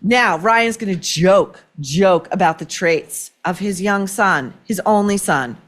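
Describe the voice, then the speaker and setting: A woman's voice: mid-range voice, slow pace. Woman ranting sarcastically on her commentary show, all worked up and indignant. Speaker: podcast host. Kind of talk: opinion commentary.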